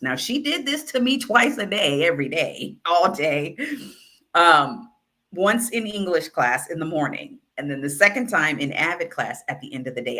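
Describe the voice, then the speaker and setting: A woman who works as a writing consultant and author coach, telling a story in a casual, animated way and acting out the dialogue. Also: deep voice. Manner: animated, acts out quoted dialogue.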